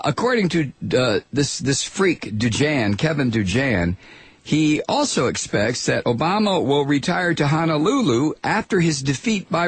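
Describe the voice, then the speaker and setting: Male radio host, mocking monologue, lively pitch swings, dry close mic. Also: breathy edge, dry recording. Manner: sarcastic, mocking, swings between loud outrage and low muttering. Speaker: radio talk show host. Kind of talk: political talk radio monologue.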